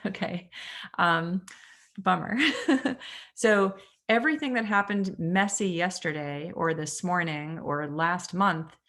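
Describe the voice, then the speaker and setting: Over a video call, a woman with a Canadian accent and a fairly low, fairly bright voice leads an informal real estate training session. She chats easily, says "um" often, and keeps asking her audience questions.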